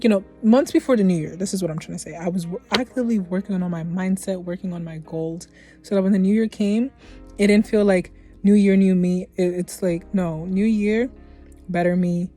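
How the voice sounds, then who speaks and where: A woman's voice: on the low side, mellow. A young adult woman vlogging candidly about her life, heartfelt and rambling, often restarting her sentences. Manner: heartfelt, rambling, self-correcting. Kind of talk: candid personal vlog.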